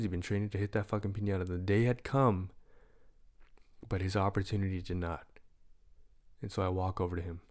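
A man telling a comic story in a casual, profane and animated way. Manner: profane and animated, with big swings in loudness and pitch.

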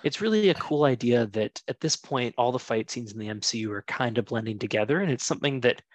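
A man hosting a casual movie watch-along chat, talkative and opinionated, with quick asides. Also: mid-range voice, expressive, dry recording. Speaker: podcast host.

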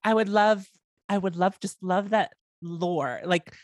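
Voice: mid-range voice, steady tone, unhurried, no room sound, studio quality. A person in casual conversation, blunt and wry, laughing often between remarks. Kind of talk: casual chat.

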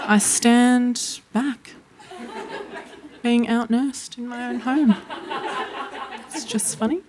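A young Australian woman telling a comedic family story, lively and often laughing as she speaks. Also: on the high side, slow, long pauses, background noise. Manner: lively, laughs through her lines.

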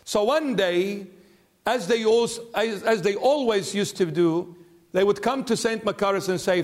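A man preaching a sermon in church as a bishop, earnest and pleading, slowing down to stress his words. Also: high-pitched. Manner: earnest, pleading, slows down for emphasis.

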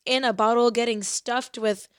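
A woman speaking earnestly and reflectively about faith, slowly reading scripture verses aloud. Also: a little high, steady tone, fairly bright tone, clear, resonant tone, dry recording, studio quality. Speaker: faith podcast host.

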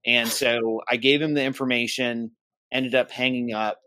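Male podcast co-host, chatty storyteller who acts out quoted lines, mid-pitched, dry close recording. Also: little pitch movement, moderate pace, bright, forceful tone, no room sound. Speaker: co-host of a church safety podcast. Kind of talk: casual chat.

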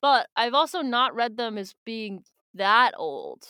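A woman's voice: a little high, very animated, slow, sharp tone, clean tone, dry recording, clean studio sound. A woman co-hosting a podcast in casual book-club chat, talking with lots of fillers and offhand swearing. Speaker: podcast co-host.

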